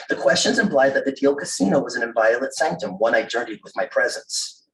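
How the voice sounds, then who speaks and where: A man reading his own memoir aloud at a live literary event, measured and wry, with self-amused asides. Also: mid-range voice, expressive. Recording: roomy, distant mic at a live reading.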